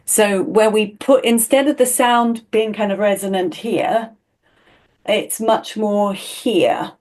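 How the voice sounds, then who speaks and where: A woman's voice: mid-range voice, steady tone, slow, darkish tone. A woman teaching a one-on-one voice lesson, explaining with enthusiasm and laughing often.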